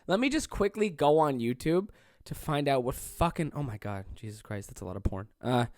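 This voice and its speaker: A jet-lagged young man rambles through a solo podcast, swearing freely and poking fun at himself. His voice sits at an ordinary pitch and sounds close and dry. He is alone in a small room. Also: expressive, fairly quick, dry recording. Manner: rambling, profane, self-deprecating. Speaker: podcast host and stand-up comedian. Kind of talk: casual solo podcast monologue.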